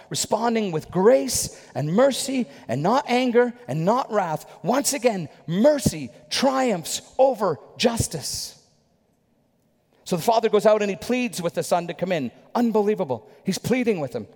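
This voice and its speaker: A man preaching a sermon with animated storytelling, rhetorical questions and quick asides. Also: high voice, big-room sound.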